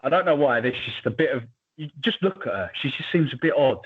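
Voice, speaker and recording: A man chats casually as a podcast co-host, lively and full of quick asides. His voice is husky and a little breathy. It comes through a thin, tinny line, as if over a phone. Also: mid-range voice. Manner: chatty, animated, quick asides. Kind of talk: casual chat.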